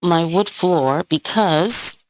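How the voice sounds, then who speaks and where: A woman hosts a live craft tutorial from home, chatting with viewers and often hunting for the right word. Her voice sits low and moves at an unhurried pace. The sound is dry and close. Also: dry recording. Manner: chatty, rambling, hunts for words, laughs often. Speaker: crafting channel host.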